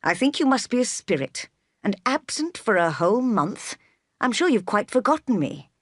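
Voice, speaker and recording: Woman reading a teasing gentleman, brisk, wry, dry recording. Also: on the high side, sing-song, dry recording, pitched above the performer's own voice. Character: teasing brooding gentleman, middle-aged man.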